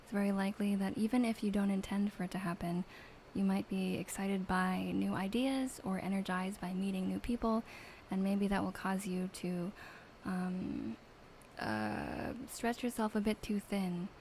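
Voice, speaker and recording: Soft-spoken woman with creaky voice, whispered role-play. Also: medium pitch, steady tone, slight background noise, poor audio. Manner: soft, gentle, halting with many fillers. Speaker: ASMR streamer reading tarot.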